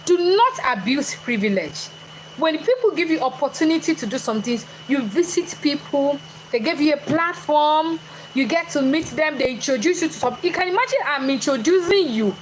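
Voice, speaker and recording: A woman's voice: high voice, animated, normal speed, a little hiss or hum, poor audio. A woman giving a chatty motivational talk, questioning her live audience directly. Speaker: motivational speaker.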